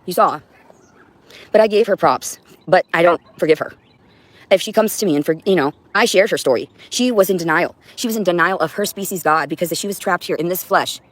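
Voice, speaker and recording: A woman's voice: on the low side, brisk. A woman hosting a livestream, talking to her audience in a rambling, intense and profane monologue at home. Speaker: livestream host. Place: indoors at home with a cat.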